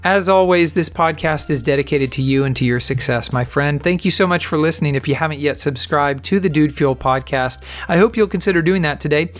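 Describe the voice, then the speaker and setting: A man's voice: fairly high pitch, fairly quick, hardly any pauses, faint music behind. A man hosting a motivational podcast, telling a story in an earnest, conversational, encouraging way. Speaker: podcast host.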